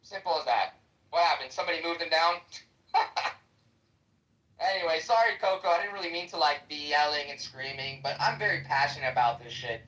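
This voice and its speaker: A man's voice: on the high side, a little fast, sharp tone. A man ranting combatively and profanely in a heated live debate on an audio chat app. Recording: echoey, distant livestream audio.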